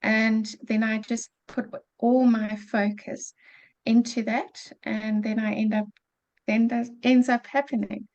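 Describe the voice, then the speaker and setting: A woman in a group session on a video call, sharing in a measured way with pauses mid-thought. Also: a little high, level tone, darkish tone, highs cut off. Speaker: group participant. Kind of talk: casual sharing.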